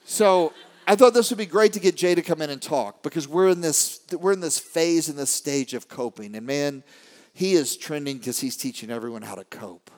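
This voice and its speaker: A male motivational speaker giving a live keynote, rallying the audience with questions and swinging from hushed asides to shouted peaks. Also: a little high, moderate pace. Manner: rallies the crowd with call-and-response questions. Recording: long hall reverb.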